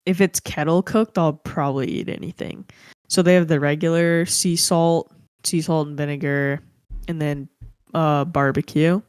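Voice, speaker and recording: A woman co-hosting a podcast in casual chat with friends, blunt and quick to swear. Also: low-pitched, fairly even intonation, clear, resonant tone, no echo, clean studio sound. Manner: blunt, swears freely, loud disgusted outbursts. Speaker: podcast co-host.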